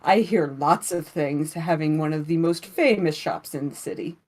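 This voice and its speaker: A woman's voice: low-pitched, normal speed, darkish tone. Woman voicing a sly, flamboyant shopkeeper. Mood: sly, charming. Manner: smooth, affectionate, says darling and honey.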